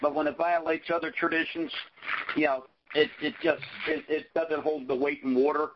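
A man sharing in a group discussion, halting, with many fillers and frequent "okay?" check-ins. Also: on the high side, flat delivery, background noise. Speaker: recovery meeting participant. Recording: dull lo-fi audio.

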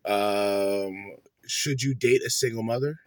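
A man's voice: fairly low pitch, takes it slowly, a little mellow, no room sound. A man hosting a podcast, ranting bluntly and swearing a lot as he reacts to clips. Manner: blunt, profane, dismissive. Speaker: podcast host.

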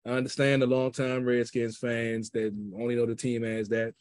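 Man, casual chat, earnest and reflective, mid pitch, dry close sound. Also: monotone, moderate pace, a little mellow, no echo. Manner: reflective, earnest, loose phrasing. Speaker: podcast guest.

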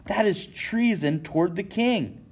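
A man's voice: sits high, expressive, measured pace, a little mellow, husky, voice pushed up, full character voice. A man voicing a cautious, worried merchant who protests against rebellion. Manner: anxious, protesting.

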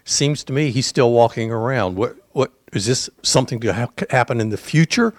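A man's voice: medium pitch, moderate pace, dry recording. A male deacon on a panel reads a Bible verse aloud with care and then asks what it means. His voice sounds dry and close to the mic.

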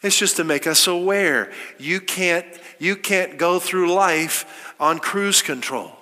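A man's voice: high voice, slow, sharp tone, long reverb tail. A man preaching a sermon, quoting scripture and asking his listeners rhetorical questions with emphasis.

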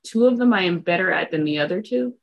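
A woman playing in a tabletop game, chatty and quick to laugh and joke. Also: on the low side, expressive, vocal fry, poor audio. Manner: chatty, laughs easily, jokes. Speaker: player. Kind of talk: casual chat at a game table.

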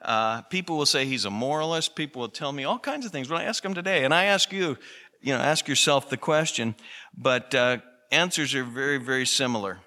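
A male pastor preaching a sermon in a chatty storytelling way, with plenty of fillers, slowing down to stress key phrases. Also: mid-range voice, sharp tone. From Pacific Northwest, US. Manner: conversational, storytelling with fillers like "you know". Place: church hall. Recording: radio broadcast of a sermon in a church hall with long reverb.

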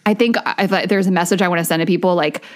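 A woman's voice: fairly low pitch, steady tone, racing. Chatty young woman, casual podcast guest. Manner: chatty, many fillers like "like", restarts. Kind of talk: casual chat.

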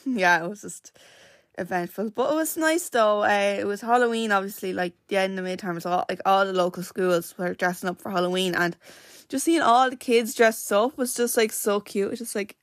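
A woman's voice: mid-range voice, moderate pace, dry recording, studio quality. Chatty Irish woman telling a story. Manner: rambling, full of "like" and self-corrections. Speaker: podcast host.

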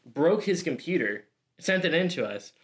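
Animated man telling stories. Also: a little high, normal speed. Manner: animated storyteller, laughs through his stories. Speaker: podcast co-host. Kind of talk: casual chat.

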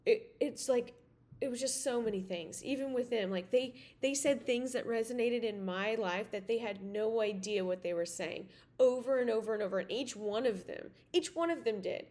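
A woman hosting a podcast tells a story casually and ramblingly, full of "like" and "you know" and many restarts. Her voice is on the high side with a darkish tone, at normal speed.

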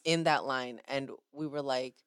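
Young female podcast host, low-pitched, close and dry, chatty and effusive. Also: a little slow, smooth, no echo. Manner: gushing, animated storytelling with acted-out quotes. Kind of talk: casual chat.

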